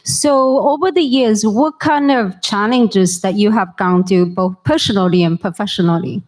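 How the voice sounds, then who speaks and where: A woman's voice: medium pitch, normal speed, a little mellow, rough recording. A woman interviewing a guest onstage, asking questions in a casual, slightly unpolished way.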